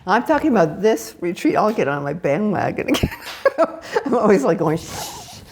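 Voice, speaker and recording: A woman's voice: medium pitch, big pitch swings, moderate pace, darkish tone, slight background noise. An older woman Zen teacher giving a candid, laughing, conversational dharma talk and answering questions. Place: meditation hall.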